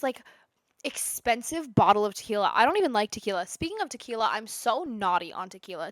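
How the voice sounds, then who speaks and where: A woman's voice: mid-range voice, a bit bright, dry recording. A woman in her twenties talking casually at home in a sit-down vlog, chatty and rambling, jumping from one tangent to the next. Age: 20s. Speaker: lifestyle creator.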